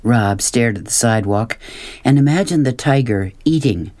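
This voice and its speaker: Man narrating a storybook, measured. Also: mid-range voice, animated, a little mellow. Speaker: audiobook narrator. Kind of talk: scripted narration.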